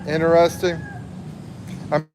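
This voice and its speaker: Slow, chatty American man in his fifties. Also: a little high, monotone, a little mellow, a little hiss or hum. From USA. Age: 50s. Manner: slow, chatty, reads viewer comments aloud and laughs often. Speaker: livestream host. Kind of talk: casual livestream chat.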